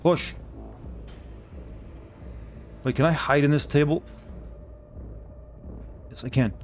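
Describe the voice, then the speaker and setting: A man's voice: a little high, fairly even intonation, a little slow, slight background noise. An American man streaming a video game, chatting with viewers in a wry, offhand way. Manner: wry, chatty, talks to chat. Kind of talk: casual live game commentary.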